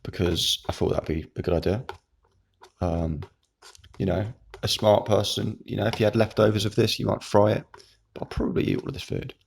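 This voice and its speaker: Guy rambling at the camera while he eats, deep and kinda gravelly. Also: a little fast. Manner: rambling, relaxed, talks with mouth full. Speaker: YouTube channel host. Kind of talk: casual chat while eating.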